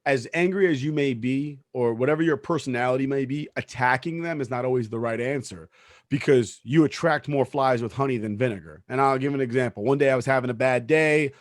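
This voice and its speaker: A man's voice: mid-range voice, dry recording, clean studio sound. A man co-hosting a casual sports podcast, telling a story in an emphatic way and swearing freely. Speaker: podcast co-host; supervisor at work.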